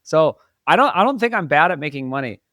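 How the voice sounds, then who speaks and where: A man's voice: fairly high pitch, sing-song, fast talker, bright, forceful tone, no room sound, studio quality. A man co-hosting a podcast, talking earnestly and laughing easily in casual chat. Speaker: podcast co-host.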